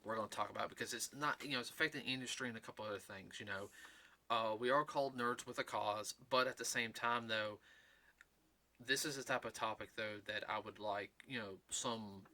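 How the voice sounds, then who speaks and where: A man hosting a casual talk show, speaking in an earnest, rambling way with halting restarts. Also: lowish voice, pushed and bright. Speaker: host. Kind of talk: casual chat.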